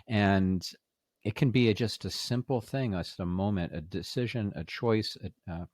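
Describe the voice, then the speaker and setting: A man hosting an interview podcast, talking haltingly with frequent pauses. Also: lowish voice, darkish tone, no room sound. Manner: halting, many fillers and restarts. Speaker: podcast host.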